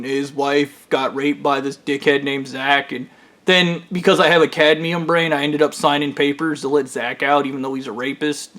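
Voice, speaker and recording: A man with a fairly high-pitched voice rambles through a personal story in a loose storytime monologue. He swears constantly and keeps restarting his sentences with "um" and "like". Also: fairly bright tone. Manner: profane, rambling, full of fillers and restarts. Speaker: storyteller recounting his own experiences.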